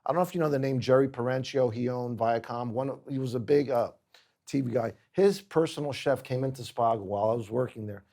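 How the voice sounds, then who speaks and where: A guest chef from Puerto Rico tells casual stories on a podcast in a brisk, mid-range voice. He stays animated, acting out each person he describes.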